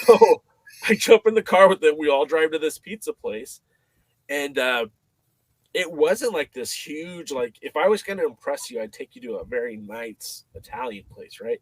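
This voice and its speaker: A man as a podcast guest, telling a story in a casual, animated way, with many fillers and restarts. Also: a little high, normal speed, slightly rough, dry recording.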